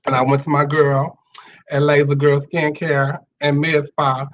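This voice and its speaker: A man from Louisiana hosting a casual live-stream talk show, sassy and animated, greeting viewers as child and honey. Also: a little high, unhurried, muffled recording, slight background noise. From Monroe, Louisiana.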